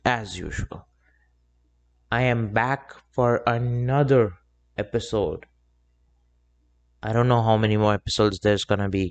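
A man's voice: mid-range voice, smooth. A young man hosting his own solo podcast, talking in a rambling, chatty way with self-joking asides. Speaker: podcast host. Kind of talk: casual solo podcast monologue.

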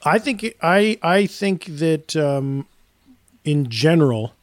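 A man riffing as a podcast co-host, his voice a touch higher than most and recorded dry with no room sound. He jokes wryly and laughs often. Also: expressive, slow pace, no room sound. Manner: joking, laughs often, wry. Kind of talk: casual comedic chat.

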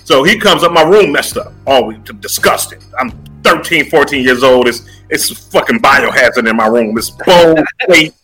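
This is a man from Philadelphia with a bright, forceful voice, talking easily through a childhood story. Faint music hums beneath the conversation. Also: medium pitch, animated, normal speed, breathy edge, rough recording. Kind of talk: casual storytelling chat.

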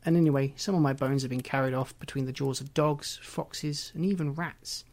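A man's voice: mid-range voice, steady tone, moderate pace, darkish tone, lightly acted. A man reading as a wistful woman's ghost. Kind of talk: audiobook reading.

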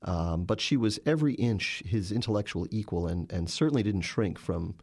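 A man's voice: lowish voice, lively intonation, normal speed, a little mellow, husky. A man, a journalist and author, answering interview questions with emphatic, storytelling narration.

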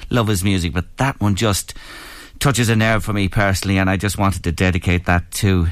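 A man's voice: sits low, steady tone, fairly quick, no room sound. Chatty man hosting radio. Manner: chatty, sentimental, storytelling. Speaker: radio show host. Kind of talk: casual radio chat. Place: radio studio.

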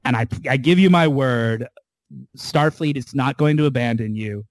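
A man's voice: mid-range voice, moderate pace, no room sound, lightly acted. A man retelling a scene, quoting an older male starship captain who earnestly promises to return.

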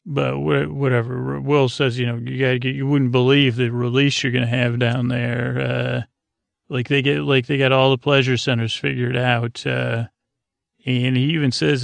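A man's voice: mid-range voice, flat delivery, normal speed, vocal fry, no echo. A man hosting a podcast, giving a meandering bedtime recap of an episode. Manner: rambling, meandering retelling. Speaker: podcast host.

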